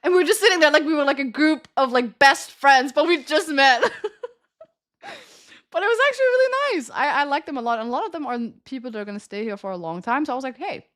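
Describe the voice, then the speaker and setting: Chatty young woman streamer, slightly high voice. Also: fairly bright tone. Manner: rambling, chatty, with frequent laughter and "like" fillers. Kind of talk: casual storytelling chat.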